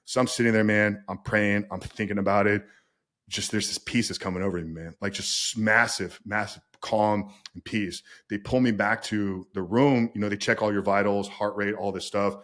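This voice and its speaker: Male guest, lower voice, candid storyteller, conversational and sincere. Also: steady tone, brisk, fairly bright tone. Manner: earnest, says "man" often, repeats words when starting thoughts. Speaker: podcast guest, recovery coach.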